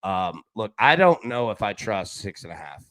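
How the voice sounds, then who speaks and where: A man's voice: fairly low pitch, very animated, normal speed, a bit bright, no echo. A man hosting a live sports betting show, chatting casually with viewers and giving his picks, with slang and frequent restarts.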